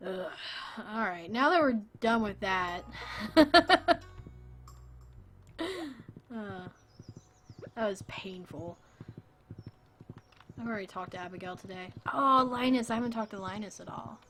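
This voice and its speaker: A woman streamer chatting casually while playing, joking and quick to laugh. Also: medium pitch, a bit bright.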